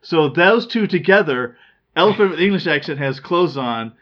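A man's voice: on the high side, animated, normal speed, very noisy. A man in casual chat, rambling and chatty, often laughing at his own stories. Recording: slightly dull lo-fi sound.

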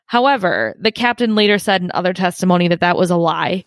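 A woman's voice: on the low side, fast talker, no room sound. A woman co-hosting a casual true-crime podcast, recounting events with frequent laughter. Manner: chatty, laughs often, recounts story. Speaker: podcast co-host.

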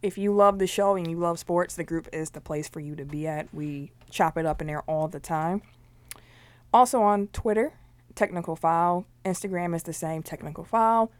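Speaking at normal speed in a voice on the low side, a woman co-hosts a podcast. She's an animated storyteller who chats casually and acts out the quotes of the people in her stories.

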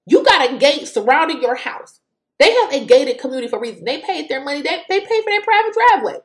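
Fiery, exasperated woman, high and lively. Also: fast talker. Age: adult with school-age children. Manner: fiery and exasperated, repeats words for emphasis. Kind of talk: opinionated political commentary.

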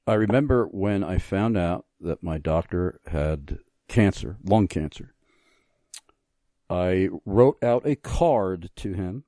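With a warm, low-pitched voice and no audible room sound, a middle-aged radio talk show host shares a personal story. The conversation is casual, and he speaks earnestly and thoughtfully, often restarting slightly.

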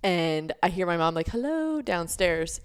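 Storytelling on a podcast she co-hosts, a young woman speaks fairly quickly in a low-pitched voice. The conversation is casual, and she's chatty with lots of fillers.

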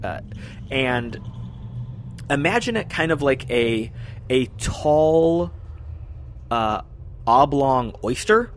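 A man in a mid-range voice narrates a tabletop game as its game master. He talks slowly and descriptively, with some fillers, over a faint background hiss. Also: mid-range voice, lively intonation.

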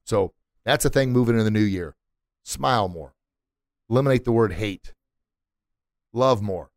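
Middle-aged male podcast host, emphatic motivational delivery, low voice, dry close studio mic. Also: normal speed, no echo. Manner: emphatic, preachy, repeats words for punch. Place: recording studio.

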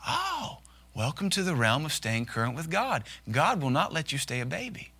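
A male pastor preaching a sermon in a folksy, humorous way, slipping into quick acted asides. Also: on the high side, wildly swooping pitch, sharp tone, husky.

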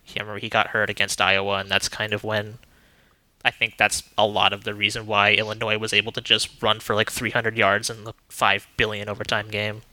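Man, lowish pitch, very bright sharp tone, upbeat casual chat. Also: completely flat delivery, no echo. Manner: upbeat, quick laughs, loose phrasing.

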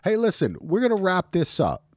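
A man's voice: high voice, wildly swooping pitch, a little fast, no room sound, studio quality. A man from New Jersey hosting a podcast, joking and thanking his guest in casual chat. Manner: playful, joking sign-off banter. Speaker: podcast host.

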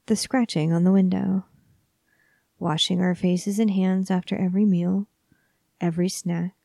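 A woman narrating a horror story in a soft, hushed, often whispery voice, measured and calm. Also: mid-range voice, vocal fry, no echo.

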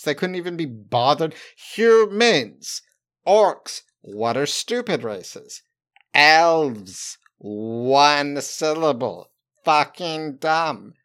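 A man playing a goblin at the table, his voice swinging widely as he rants. He swears freely and gets worked up over small things. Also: a little high. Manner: animated, profane, ranting. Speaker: player. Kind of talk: casual tabletop play as a goblin.

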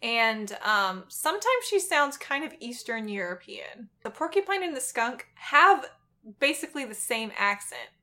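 A woman co-hosting a casual podcast, her voice a touch high and quite bright. She recaps stories in a loose, chatty way, with wry asides and a dry edge. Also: very animated, measured pace. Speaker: podcast co-host. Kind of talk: casual chat.

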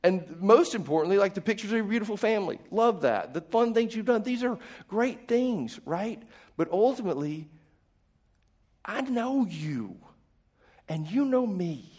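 Man, pastor, slightly high voice, casual sermon, self-deprecating, asks listeners questions. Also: big pitch swings, normal speed, a little mellow. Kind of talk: conversational sermon to a live congregation.

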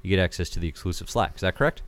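A man's voice: sits low, rapid-fire. A man co-hosting a podcast in a playful, joking casual chat. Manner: playful, jokey, breaks into silly singing. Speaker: podcast co-host.

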